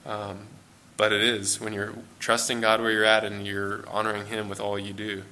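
An American man delivers a sermon to a church congregation. His voice sits fairly low but has a bright, forward edge. He talks in a loose, conversational way, with fillers and restarts. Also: completely flat delivery, normal speed, a little hiss or hum. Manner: conversational, with fillers and self-corrections. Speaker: preacher.

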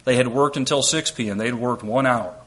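A male preacher works through a scripture passage, reading verses aloud and explaining them step by step. He keeps checking in with rhetorical questions. His voice sits at an average pitch and has a bright, forceful edge. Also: a little fast. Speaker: preacher and Bible teacher. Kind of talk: expository sermon.

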